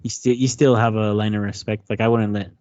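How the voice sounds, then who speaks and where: A young man co-hosts a relaxed podcast chat, pausing and restarting as he hunts for the right words. His voice sits fairly low. The sound is dry and a bit lo-fi. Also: no echo. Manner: laid-back, halting, searches for words. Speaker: podcast co-host. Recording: dry, slightly dull lo-fi audio.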